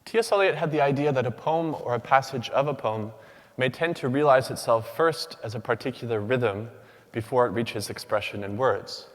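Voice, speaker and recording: A young man giving a prepared academic talk to an audience, speaking in a measured, rhythmic way with pauses between listed words. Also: medium pitch. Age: young adult. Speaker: PhD candidate giving a symposium talk. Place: large lecture hall. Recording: long reverb of a large hall.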